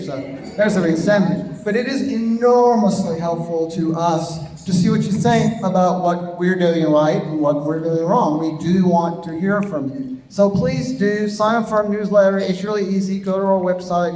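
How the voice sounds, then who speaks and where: A man from the theater staff making brisk housekeeping announcements on stage in a large theater. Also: high-pitched, darkish tone. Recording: echoey theater hall.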